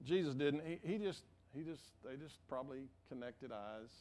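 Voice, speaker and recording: A male pastor preaching a sermon in a church, telling a story in a lively way with frequent repeated words. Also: medium pitch, normal speed. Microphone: mic for preaching.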